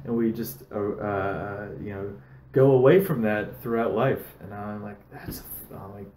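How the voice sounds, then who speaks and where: A man's voice: on the low side, unhurried, roomy sound, slight background noise, low-quality recording. A man hosting a casual podcast, telling stories with plenty of swearing. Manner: swears a lot, animated storytelling. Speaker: podcast host.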